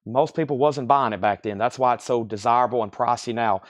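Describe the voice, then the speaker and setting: A man's voice: medium pitch, a little fast. A young man hosting a live vinyl sale stream, chatting casually and rambling while reading out titles and prices.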